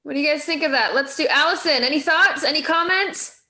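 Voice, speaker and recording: Female coach, high voice, encouraging, roomy echo. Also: a little fast, bright, forceful tone. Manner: encouraging, direct questions to the group. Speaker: weight-loss coach. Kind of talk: motivational group talk.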